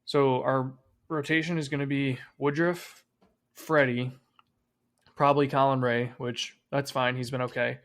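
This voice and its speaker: A man co-hosts a sports podcast in relaxed, casual chat. His middle-pitched voice carries a gravelly edge, and he swears freely and trails off with fillers as he talks. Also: a little slow. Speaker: podcast co-host.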